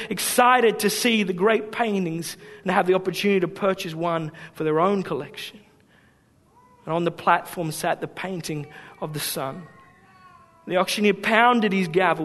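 A male pastor preaching a sermon with storytelling, swinging from hushed to emphatic. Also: high voice. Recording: long hall reverb.

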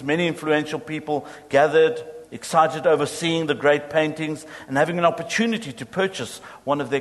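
A male pastor telling a story in a sermon and leading a prayer, slow and solemn. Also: on the high side. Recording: echoey hall.

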